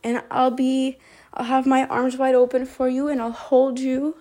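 High-voiced woman, rambling confessional. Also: level tone, a little slow, dark tone. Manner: rambling, heartfelt, self-correcting. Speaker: voice memo host. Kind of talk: personal confessional monologue.

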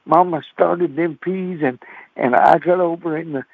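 A man's voice: on the high side, steady tone, normal speed, no echo. A man, preaching on the radio with a folksy, repetitive storytelling manner. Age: 60s. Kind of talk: radio sermon with personal story. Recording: dry phone-like radio sound.

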